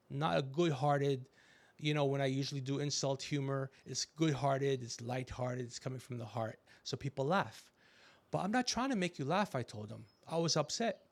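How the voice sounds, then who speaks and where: Gravelly-voiced joking man. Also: medium pitch. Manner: animated storytelling, acting out quotes. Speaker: podcast host. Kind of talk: casual comedic chat.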